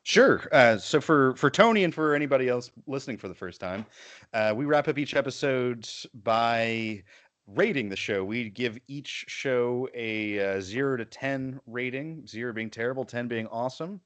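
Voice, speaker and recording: A man's voice: mid-range voice, moderate pace, a bit bright. A man hosting a podcast, talking in a casual, rambling way with frequent restarts. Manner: rambling, self-correcting. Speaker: podcast host. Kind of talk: casual chat.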